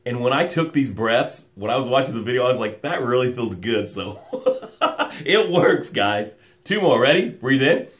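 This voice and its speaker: A man hosting a live motivational stream, welcoming viewers by name and guiding slow breaths. He calls himself loud and boisterous. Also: medium pitch, lively intonation. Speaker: motivational coach and show host. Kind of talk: live-stream pep talk with guided breathing.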